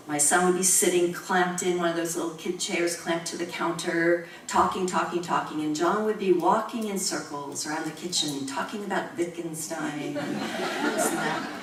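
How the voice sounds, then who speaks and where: Low-voiced woman professor, echoey distant room. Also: a little hiss or hum. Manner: measured, reflective reading, chuckling during anecdotes. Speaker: professor giving a tribute talk. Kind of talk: reading a prepared academic talk with personal asides. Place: university lecture room. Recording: roomy room recorded from far off.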